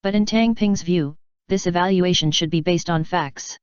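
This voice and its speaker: A woman reads a novel aloud in steady, scripted audiobook narration. Her voice sits a little low and comes across very smooth and clean. The recording is dry and close, with a slightly dull, muffled tone. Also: normal speed, no echo.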